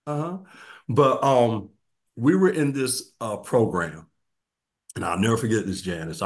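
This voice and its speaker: A man in his sixties, a guest in an interview, telling his story earnestly and reflectively, often dropping to a soft, quiet voice. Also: mid-range voice, measured pace, long pauses. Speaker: guest, formerly incarcerated man.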